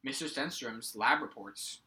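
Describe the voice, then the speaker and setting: A young man chatting on a podcast, often restarting his sentences and dropping casual swears. His tone is very bright and crisp at the top. He sounds relaxed and loose. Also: medium pitch, a little slow. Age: young adult. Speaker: podcast co-host. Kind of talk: casual chat.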